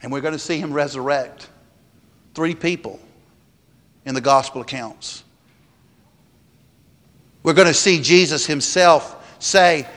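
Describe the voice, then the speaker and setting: A pastor with a high, fairly bright voice delivers a sermon in a church sanctuary, where long reverb fills the hall. He drives his points home and asks the congregation rhetorical questions.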